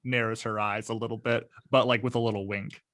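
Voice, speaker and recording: A man's voice: fairly low pitch, flat delivery, a little fast, a bit bright, no echo, clean studio sound. A man playing a tabletop game, thoughtfully describing his character's actions with frequent fillers. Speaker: player.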